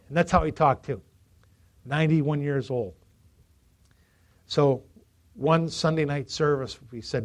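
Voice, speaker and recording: A man pastor preaching a storytelling sermon, swinging from loud emphasis to quiet asides. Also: mid-range voice, moderate pace.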